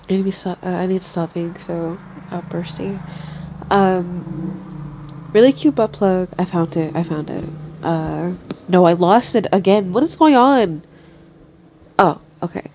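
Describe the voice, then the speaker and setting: Young woman, stuffy nose, unhurried drawl, mellow low-sheen tone; loose casual chat. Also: a little hiss or hum. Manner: chatty, giggly, swears freely.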